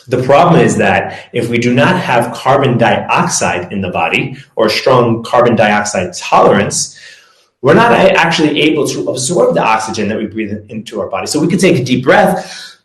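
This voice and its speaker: A man's voice: mid-range voice, animated, moderate pace. A man giving a casual presentation as a performance coach, talking loosely with self-corrections and leading breathing exercises. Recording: echoey room.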